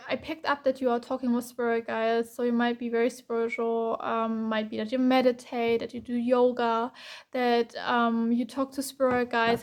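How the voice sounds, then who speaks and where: A young woman from Germany with a German accent, giving a casual, chatty tarot reading and filling her talk with "like" and "um". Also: high-pitched. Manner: casual, chatty, heavy use of "like" and "um". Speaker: tarot reader. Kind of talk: pick-a-card tarot reading.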